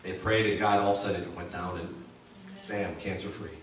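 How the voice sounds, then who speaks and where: A man's voice: sits low, little pitch movement, fairly quick, a little hiss or hum. A man preaching a sermon as pastor, emphatic and calling the congregation to repeat his words, recorded from a distance in a church. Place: church sanctuary. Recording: echoey church hall from far off.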